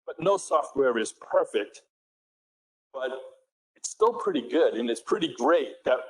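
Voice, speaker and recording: Presenting at a technical conference, a New England man speaks in a husky mid-pitched voice with lively intonation at a measured pace. He keeps a relaxed, conversational tone, fixes his wording mid-sentence, and asks the room questions, though the audio is poor.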